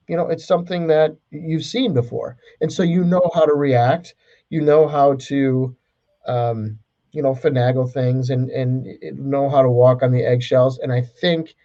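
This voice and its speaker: A man's voice: on the high side, dark tone, highs cut off. A man co-hosting a casual podcast, talking with many fillers and restarts. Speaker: podcast co-host. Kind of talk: casual chat.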